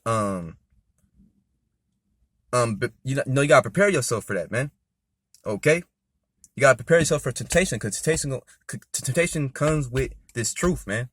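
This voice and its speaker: A man reads scripture in a medium-pitched voice and breaks off into loose, emphatic commentary, calling out "man" and "all right?" between thoughts. The sound is dry, with no room echo. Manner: reads verses louder and slower, with sudden shouts of praise. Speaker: scripture reader and preacher. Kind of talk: casual scripture reading with commentary.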